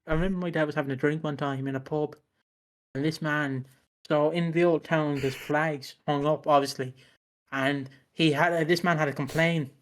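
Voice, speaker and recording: A man's voice: on the high side, fairly even intonation, normal speed. A young man co-hosting a podcast, telling rambling, sweary anecdotes with lots of restarts. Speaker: podcast co-host. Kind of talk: casual chat.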